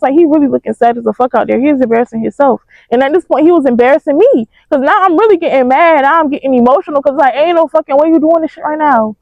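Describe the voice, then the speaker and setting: A young woman telling a storytime in a casual, profane, animated way. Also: high-pitched, fast talker, hardly any pauses, dry recording, phone-quality sound. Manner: animated, profane, emphatic retelling.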